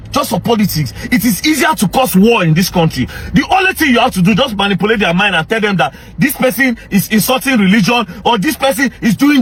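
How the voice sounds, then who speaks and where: A young man with a Nigerian Pidgin English accent, ranting angrily and confrontationally straight to camera as a social media commentator, often breaking into shouts. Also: sits high, breathy edge. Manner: angry, confrontational, repeatedly shouting. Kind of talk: heated direct-to-camera rant.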